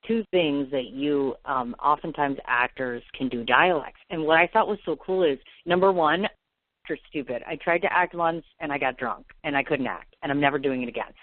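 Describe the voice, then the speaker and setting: A man's voice: a little high, normal speed, no room sound. A middle-aged man hosting an interview, chatty and playful as he asks questions. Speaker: interview host. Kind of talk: casual interview. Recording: dry, tinny phone-like line.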